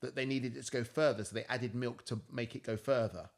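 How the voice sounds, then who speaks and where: A man with a British accent, a podcast guest, chatting casually and telling lively stories, acting out the voices of people he quotes. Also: mid-range voice, fairly quick, background noise. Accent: British English. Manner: animated storyteller, acts out quoted dialogue. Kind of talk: casual chat.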